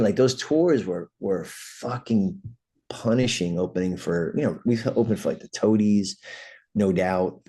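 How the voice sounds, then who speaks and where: Middle-aged New York punk vocalist, low voice, lively profane raconteur. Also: male voice, a little slow, breathy edge. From New York City. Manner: animated anecdotes, acts out quoted voices, swears freely. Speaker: guest, punk band vocalist. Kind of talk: casual storytelling.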